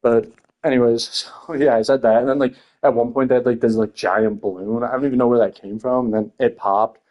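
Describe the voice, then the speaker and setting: A young man chats casually, telling rambling stories in a loose, profane way. He leans on fillers and breaks into laughter often. His voice sits at an everyday middle pitch. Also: steady tone, a little fast, muffled recording. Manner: frequent laughter. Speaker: teacher. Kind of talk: casual podcast chat.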